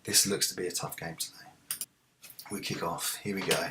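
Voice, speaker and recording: A man hosting a let's-play, commentating on a football management game and shouting at the big moments. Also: low-pitched, flat delivery, moderate pace, noisy background. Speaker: gaming video host.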